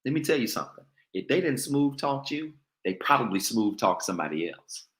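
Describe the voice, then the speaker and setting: Bright, slow, animated male preacher. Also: medium pitch, echoey room. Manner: call-and-response preaching, goading the congregation. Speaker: pastor. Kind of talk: sermon.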